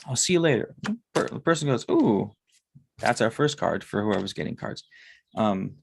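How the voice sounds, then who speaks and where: A man's voice: on the low side, expressive, normal speed, vocal fry, a little hiss or hum. A man in his thirties, a tarot reader, talking in a casual, rambling monologue and swearing often. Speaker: tarot reader and spiritual consultant.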